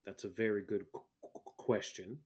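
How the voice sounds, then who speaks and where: A man voicing a gruff old man who stutters heavily and talks bluntly with curses. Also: on the low side, fairly even intonation, normal speed, a little mellow, highs cut off. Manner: heavy stutter, blunt and profane.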